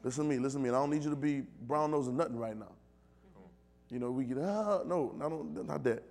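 A man preaching a sermon in a call-and-response style, building from low asides to loud shouted calls, with speech. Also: fairly even intonation, quick pace, gravelly.

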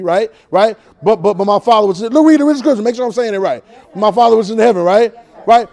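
High-voiced preacher, lively call-and-response. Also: male voice, fast talker. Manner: animated, repeats words, teaches by asking the crowd.

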